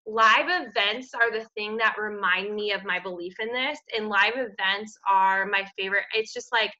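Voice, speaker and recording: A woman speaking at medium pitch and moderate pace, her tone sharp, rallies her team. Her talk on gifts and purpose is earnest, upbeat and rooted in faith, captured on dull lo-fi audio.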